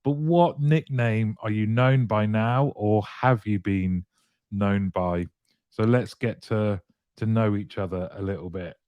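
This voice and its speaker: Jokey low-voiced male live host. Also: a little slow, smooth, no echo, highs cut off. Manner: chatty and jokey, laughing often. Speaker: livestream show host. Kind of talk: casual live chat, greeting viewers and reading comments.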